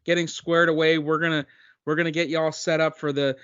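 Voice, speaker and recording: A man's voice: fairly high pitch, flat delivery, fairly quick, fairly bright tone, clean tone, no echo, lo-fi sound, natural voice. A man playing a stammering film director. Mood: flustered. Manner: stammering, flustered, many restarts. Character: flustered male film director.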